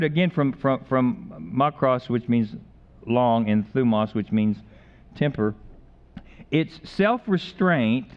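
A man's voice: medium pitch, muffled recording. A man preaching a sermon in a conversational way, with jokes and repeated phrases. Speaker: pastor.

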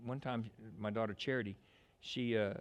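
A man preaching a sermon in church, animated, often stumbling into quick restarts. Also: lowish voice. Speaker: pastor.

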